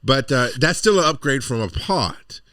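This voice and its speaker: A man's voice: medium pitch, animated, normal speed, a bit bright, no echo. Dry-voiced man telling rambling stories. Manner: rambling storyteller, exasperated asides. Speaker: podcast co-host. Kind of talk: casual chat.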